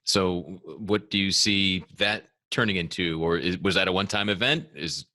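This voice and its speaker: A man hosting a casual podcast conversation, playful and animated. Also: low-pitched, no room sound. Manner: animated, playful, quick to laugh. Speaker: podcast host.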